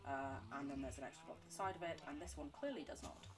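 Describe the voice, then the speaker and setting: Low-voiced chatty woman streamer. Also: fast talker. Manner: rambling, chatty, laughs often, self-deprecating; responds to chat between game talk. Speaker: livestreamer. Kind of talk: casual gameplay chat with viewers.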